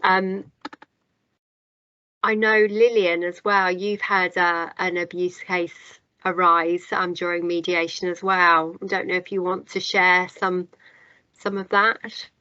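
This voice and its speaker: A woman's voice: fairly low pitch, flat delivery, slow pace, pushed and bright, clean tone, no echo, lo-fi sound. A woman hosting a panel discussion, speaking politely with many fillers. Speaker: panel host.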